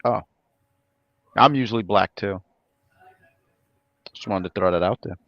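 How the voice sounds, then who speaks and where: A man co-hosting a casual review chat, animated and joking, often correcting himself. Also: fairly low pitch, a little slow, no echo, lo-fi sound. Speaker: co-host.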